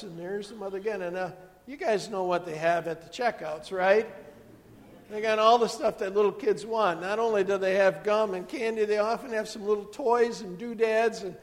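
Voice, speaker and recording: Male pastor, high voice, storytelling sermon delivery, reverberant sanctuary. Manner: storytelling, drops to soft hushed tones for emphasis.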